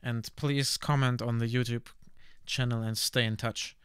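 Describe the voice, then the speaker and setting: Man, Russian accent, native Russian speaker, art streamer, casual chat, halting, searches for words, smooth voice, dry close sound. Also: mid-range voice, no room sound. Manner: relaxed, reflective, laughs easily.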